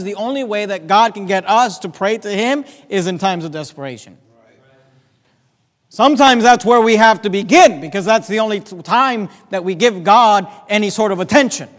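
A man preaching a sermon, moving from quiet explanation to loud, fervent emphasis and repeating phrases for effect. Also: high-pitched, long reverb tail.

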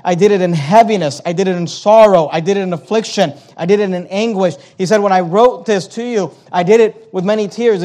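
A man pastor preaching a sermon, explaining scripture word by word, urging listeners to take notes and growing more emphatic as he voices the apostle's words. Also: high voice. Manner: expository preaching, repeating key words and urging note-taking; grows louder and more emphatic when voicing the apostle's words.

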